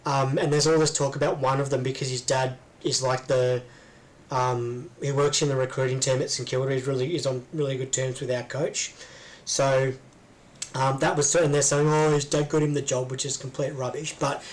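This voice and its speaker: A man's voice: mid-range voice, flat delivery, normal speed, rough recording. An Australian man co-hosting a casual chat, rambling with lots of ums and restarts. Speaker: podcast co-host.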